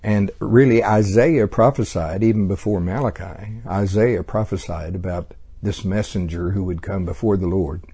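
A man's voice: low voice, steady tone, normal speed, hardly any pauses, dark tone, breathy edge. A man teaching a casual Bible study lesson, talking in a conversational way with frequent fillers and small chuckles.

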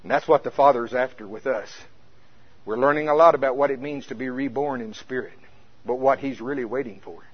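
A pastor telling a folksy story in a conversational sermon, with a casual manner. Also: male voice, medium pitch, a little fast, breathy edge. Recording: muffled lo-fi recording.

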